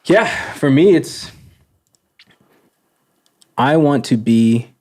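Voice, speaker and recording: A man speaking as a podcast guest in casual conversation, animated, swearing often and acting out little voices with laughs. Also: mid-range voice, extremely slow.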